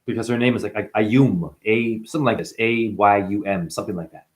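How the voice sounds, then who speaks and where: A man talking straight to the camera as a self-styled spiritual guru, boastful and rambling, jumping from loud outbursts to muttered asides. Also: lowish voice, brisk.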